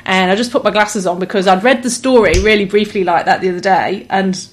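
A woman with a New Zealand accent, a bookshop guest in a radio studio, telling stories about books in a chatty, animated way with easy laughter. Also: mid-range voice, a little fast. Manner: chatty, animated storyteller who laughs easily. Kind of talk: casual radio chat.

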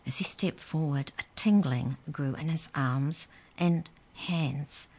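A woman reading a children's story aloud in a calm, measured way. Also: low-pitched, breathy edge.

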